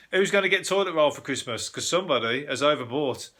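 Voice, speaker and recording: Bright-voiced sweary man riffing. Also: fairly high pitch, expressive, moderate pace. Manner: sweary, jokey rambling with frequent laughs. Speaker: podcast host. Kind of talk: casual solo news commentary.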